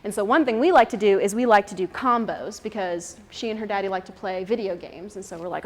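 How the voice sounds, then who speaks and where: A woman's voice: medium pitch, fairly quick, hardly any pauses. A young woman giving a casual, chatty talk to a mothers' group, laughing often and using many fillers.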